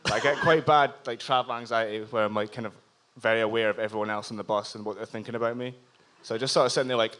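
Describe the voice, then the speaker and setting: A man's voice: fairly low pitch, steady tone, fast, hardly any pauses, fairly bright tone. A man from Scotland with a Scottish accent, telling a self-deprecating comic story on stage at a live show in a bar. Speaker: audience member telling a story. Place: live comedy bar venue.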